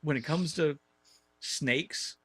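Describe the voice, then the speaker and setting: A man chatting on a podcast panel, telling animated stories with stammering restarts. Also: a little high, slow pace, husky, no echo. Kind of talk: casual chat.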